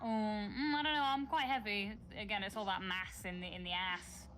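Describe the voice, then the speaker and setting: A woman with a Northern English accent from near Sheffield, chatting casually on a livestream, blunt, sweary and quick to laugh. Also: mid-range voice, steady tone, a bit bright, soft background music. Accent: Northern English, Sheffield area. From northern England, near Sheffield. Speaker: co-streamer guest.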